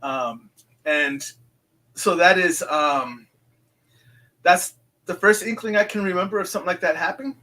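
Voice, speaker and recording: A man's voice: sits high, unhurried, pauses often, bright, forceful tone, poor audio. A man in his fifties, a guest telling stories in a casual interview, rambling with many fillers and restarts and acting out what people said. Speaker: guest, psychic medium.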